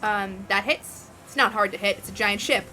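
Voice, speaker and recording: A woman's voice: mid-range voice, normal speed, faint music behind. Woman game master narrating a tabletop game. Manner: animated storytelling with frequent fillers.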